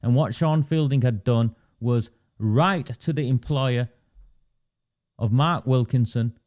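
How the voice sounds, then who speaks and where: A man's voice: mid-range voice, slow pace, darkish tone. A man hosting a political livestream, emphatic and indignant, stopping to answer viewer comments. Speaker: livestream host.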